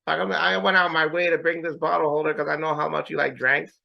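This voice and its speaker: A man co-hosting a podcast, telling stories in a casual, animated way and swearing freely. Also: on the high side, fast talker, vocal fry, muffled recording. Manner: animated storyteller, acts out quoted people, swears a lot. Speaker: podcast co-host. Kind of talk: casual chat.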